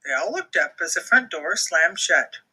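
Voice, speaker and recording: Woman, storybook narration, lively read-aloud, playful sound effects, bright and breathy. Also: fairly low pitch, normal speed, low-quality recording.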